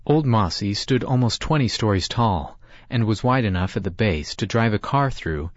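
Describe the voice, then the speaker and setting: A man reading a story aloud in scripted narration, with a measured, reflective delivery. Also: lowish voice, lively intonation, no room sound. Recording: dull lo-fi dry recording.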